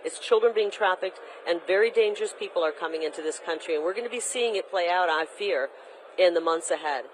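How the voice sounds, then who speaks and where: A woman's voice: on the low side, fairly quick, a little hiss or hum, poor audio. A woman running for governor, giving emphatic, combative answers in a political interview. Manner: emphatic, combative, delivers campaign talking points. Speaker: candidate for governor, interview guest.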